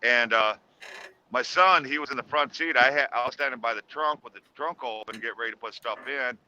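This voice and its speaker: Give me a middle-aged man telling a ghost story casually, halting and restarting as he goes. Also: medium pitch, sharp tone, lo-fi sound, slight background noise.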